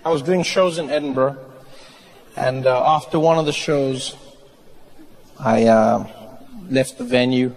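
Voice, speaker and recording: A man performing a stand-up routine on stage, telling a story with animated delivery and playful impressions. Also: mid-range voice, unhurried, long pauses. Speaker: stand-up comedian. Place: comedy stage before a live audience. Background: audience laughter.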